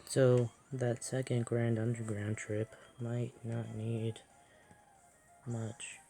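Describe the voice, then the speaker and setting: A soft-spoken person musing aloud while playing a video game, often self-deprecating. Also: medium pitch, little pitch movement, slow pace, soft background music. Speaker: let's play host.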